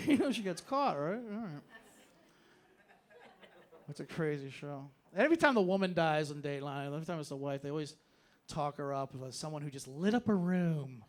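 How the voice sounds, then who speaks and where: A man doing a stand-up comedy set on a club stage, telling stories in an animated way and breaking into shouted bits. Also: a little high, normal speed, a little hiss or hum. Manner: animated storytelling, bursts into shouted impressions.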